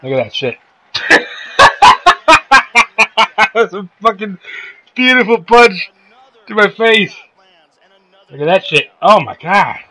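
Loud, profane young man gaming. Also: high voice, expressive, normal speed, long pauses. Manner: loud, profane, jokey trash talk at the game. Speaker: gaming video host. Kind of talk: profane gameplay commentary.

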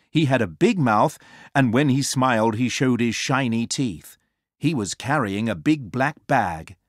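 Slow, expressive storybook narrator. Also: mid-range voice, dry recording, studio quality. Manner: expressive, sing-song. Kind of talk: children's story read-aloud.

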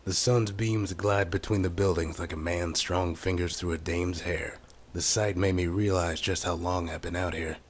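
Deep-voiced noir detective. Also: male voice, fairly even intonation, moderate pace, few pauses. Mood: brooding. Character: hard-boiled male police detective narrating noir-style. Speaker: game character. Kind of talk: noir voice-over narration and game dialogue.

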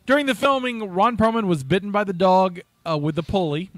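A man co-hosts a casual movie podcast, his voice sitting a little high for a man. He is close on the mic in a completely dry sound. He talks through movie trivia in a chatty way, trips over names and laughs at his own jokes. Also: fairly quick, dry recording.

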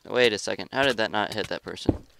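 Gravelly low-voiced man doing gameplay commentary. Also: fast, a little hiss or hum. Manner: excitable, trash-talks opponents and grumbles about lag. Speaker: gaming YouTuber.

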